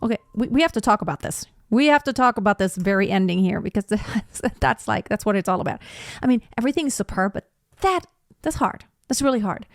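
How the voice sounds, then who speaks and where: A woman's voice: medium pitch, animated, a little fast, hardly any pauses, no echo, soft background music. A woman opera singer casually reacting to a performance and explaining vocal technique with enthusiasm. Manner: enthusiastic, explanatory, sings short demonstration notes.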